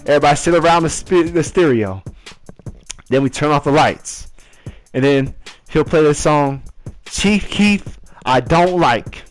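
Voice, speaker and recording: A man's voice: a little high, measured pace, long pauses, soft background music. A young man telling a story casually, laughing a lot and acting out the voices and chants.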